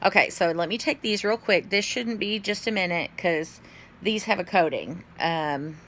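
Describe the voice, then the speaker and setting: A middle-aged woman, chatting casually to camera at home in a rambling way, with sudden high exclamations. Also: normal speed, fairly bright tone, a little hiss or hum. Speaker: vlogger. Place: at home indoors.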